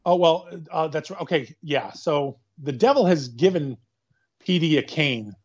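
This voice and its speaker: Male podcast co-host, rambling animated recapper, a bit high, muffled lo-fi audio. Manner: rambling, animated retelling with quick quoted asides. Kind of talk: casual movie-recap chat. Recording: dull lo-fi sound.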